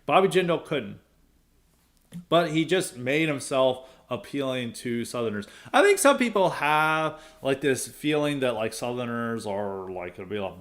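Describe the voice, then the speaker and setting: A man's voice: medium pitch, big pitch swings, measured pace, a bit bright. A man hosting a podcast in casual political commentary, opinionated and rambling, with frequent asides and chuckles. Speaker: podcast host.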